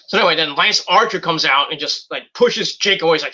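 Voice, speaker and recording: A man's voice: a little high, expressive, fast, hardly any pauses, pushed and bright. A man casually reviewing a wrestling show, rambling with lots of fillers and mocking paraphrases of what people said.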